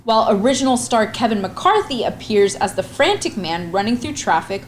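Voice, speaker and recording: A young woman hosts a horror movie podcast in a playful, animated way and laughs easily. Her voice sits a bit high. A faint hiss of background noise runs underneath. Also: moderate pace, few pauses. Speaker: podcast host. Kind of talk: casual chat.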